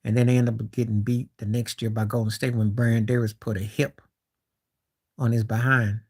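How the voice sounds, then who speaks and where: A man's voice: medium pitch, little pitch movement, normal speed, a little mellow. A man hosting a live stream, talking basketball in a loose conversational way, trailing off and restarting, with incredulous asides. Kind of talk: casual basketball talk.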